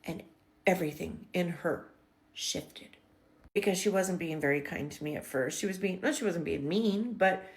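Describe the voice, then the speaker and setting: A middle-aged woman telling a personal spiritual story in a vlog, emotional and expressive, dropping to whispers and rising into excited bursts. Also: lowish voice, normal speed.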